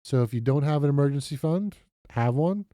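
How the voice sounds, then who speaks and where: Dark-toned, chatty budgeting vlogger, a man. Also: a little high, animated, brisk, dry recording, studio quality. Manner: chatty, self-deprecating, many fillers and restarts. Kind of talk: casual screen-share walkthrough.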